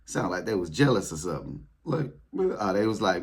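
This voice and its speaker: A man speaking in a casual storytelling monologue, animated, acting out his past reactions in a high voice. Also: fairly quick, hardly any pauses, breathy edge. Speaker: spiritual video creator.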